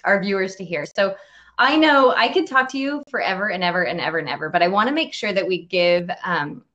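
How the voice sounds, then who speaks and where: A woman's voice: medium pitch, bright, forceful tone, highs cut off. Chatty, laughing woman host. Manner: chatty, halting, many fillers and restarts; laughs often while talking. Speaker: interview host. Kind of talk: casual video interview.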